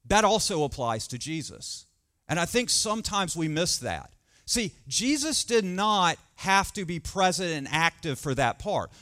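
A man's voice: high voice, fairly bright tone. A man preaching a sermon, telling a story with emphatic repetition.

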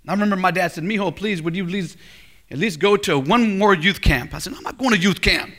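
A middle-aged male pastor preaching a sermon at a college chapel, telling stories with big swings from loud to hushed. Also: high voice, fairly quick.

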